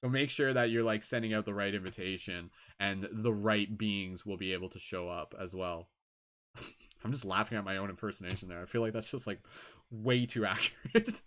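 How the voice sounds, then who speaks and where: Laid-back swearing livestream host. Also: male voice, lowish voice, normal speed. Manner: animated, laid-back, swears and laughs often. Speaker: tarot reader and livestream host. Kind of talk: casual livestream chat.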